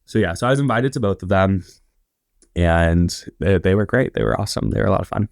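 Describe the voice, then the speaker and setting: A man's voice: deep voice, quick pace, vocal fry, a little mellow, dry recording, studio quality. A man in his twenties from Indiana, a podcast guest telling stories in a chatty, rambling way with lots of fillers. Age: 20s. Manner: chatty, rambling with many fillers and quoted asides. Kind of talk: casual interview storytelling.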